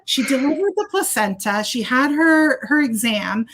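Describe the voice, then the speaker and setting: A woman's voice: sits high, moderate pace. A middle-aged woman doula telling a birth story in casual chat, acting out the voices of the people in it. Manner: animated storyteller, acts out quoted voices.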